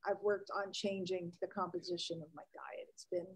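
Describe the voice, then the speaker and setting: A woman business coach, giving a chatty, animated live online training. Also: fairly low pitch, normal speed, breathy edge, rough recording.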